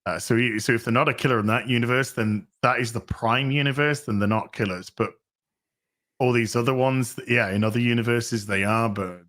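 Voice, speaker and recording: A man with a British accent, a guest on a casual live-stream chat, brash and sweary in quick banter. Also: mid-range voice, fairly even intonation, a bit bright. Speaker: co-host guest.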